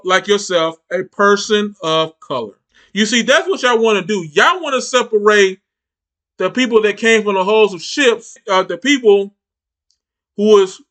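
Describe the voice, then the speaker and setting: A man's voice: sits high, pushed and bright. A man hosting a reaction channel, giving heated, mocking commentary with lots of repetition.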